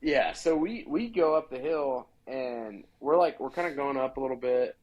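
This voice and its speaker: A man's voice: medium pitch, expressive, normal speed, a little mellow, highs cut off. A man from Idaho, a podcast guest, telling a hunting story in a chatty way full of "like" fillers. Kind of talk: casual storytelling.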